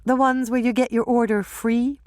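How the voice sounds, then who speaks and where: A woman voicing an eager, chatty young woman, delivering breathless gossip in a high, bubbly voice. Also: flat delivery, moderate pace, a little mellow, dry recording, clean studio sound, lightly acted. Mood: gossipy.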